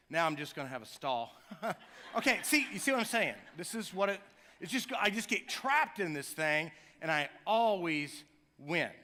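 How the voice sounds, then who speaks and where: High, bright-voiced male pastor preaching. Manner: conversational, jokey asides, rising to impassioned cries. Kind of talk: sermon. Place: church sanctuary.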